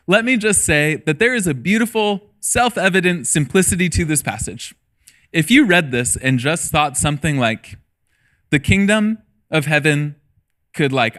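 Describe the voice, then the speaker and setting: A middle school pastor in his thirties preaches a casual sermon in a slightly high, sharp voice. He mixes personal stories with jokes and laughter.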